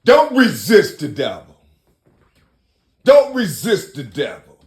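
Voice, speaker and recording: A shrill, sing-song preacher figure, put on by a man, mocking as he urges everyone to stay soft and submit. His voice jumps far above his normal register and rings with a roomy echo. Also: huge pitch swings, slow, heavily acted.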